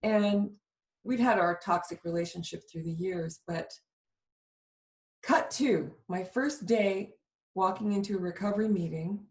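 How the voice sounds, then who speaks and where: A woman host recalls a personal turning point in a vivid, confessional way. Her voice sits in the middle of her range, and the room gives it a clear echo. She speaks openly and with feeling. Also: medium pitch, unhurried. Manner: emotional, vivid confessional storytelling. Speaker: show host. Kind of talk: candid storytelling chat.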